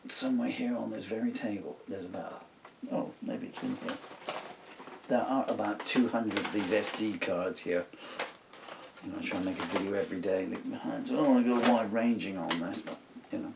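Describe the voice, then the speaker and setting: Man, middle-aged, low gravelly voice, rambling musing monologue, distant mic with faint hiss. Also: fairly quick. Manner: musing, digressive, talks to himself. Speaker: songwriter. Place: home room at a table.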